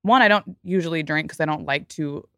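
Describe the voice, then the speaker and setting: A young woman hosting a casual podcast chat, blunt and animated, acting out little quoted voices. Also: deep voice, a little fast, no room sound, clean studio sound. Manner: animated, mimics others in quoted asides. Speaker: podcast host.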